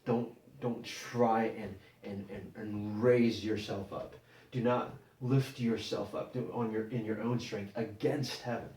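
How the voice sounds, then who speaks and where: A man preaching a sermon, halting and repeating words as he explains scripture. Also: fairly low pitch, steady tone, darkish tone. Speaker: pastor. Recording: echoey room, mic at a distance.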